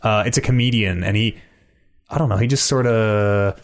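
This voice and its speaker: A man co-hosting a podcast in casual chat, animated, swearing often and acting out game characters. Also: fairly low pitch, moderate pace. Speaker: podcast co-host.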